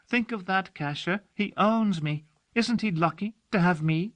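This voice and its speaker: A man's voice: mid-range voice, lively intonation, moderate pace, a bit bright, dry recording, voice pushed up, lightly acted. Guy doing a doting little undergirl, earnest, mid voice, dry close sound. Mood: devoted. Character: devoted young female undergirl servant. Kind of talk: audiobook character voice.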